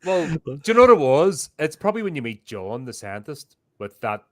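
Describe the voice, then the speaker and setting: A man's voice: fairly high pitch, big pitch swings, moderate pace, fairly bright tone. A man co-hosting a horror podcast, chatty and wry, telling things at length. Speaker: podcast co-host. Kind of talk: casual chat.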